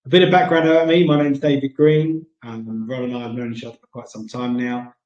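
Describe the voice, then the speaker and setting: A man's voice: medium pitch, little pitch movement, fairly quick, roomy sound, lo-fi sound. A man with a British accent hosting a casual chat segment, rambling with many ums and uhs. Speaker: segment host.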